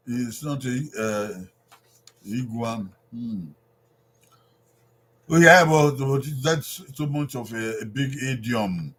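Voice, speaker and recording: A man giving an informal language lesson, repeating phrases slowly for his listeners to follow. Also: mid-range voice. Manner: repeats phrases slowly, drawn-out call-and-response. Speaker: Edo language teacher.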